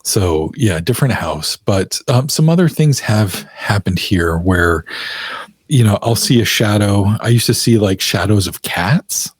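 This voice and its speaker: In a casual podcast interview, a male guest shares something from his own life, laughing often and using lots of fillers. He sounds husky and expressive, pitched lowish, at a measured pace, and there's no room sound.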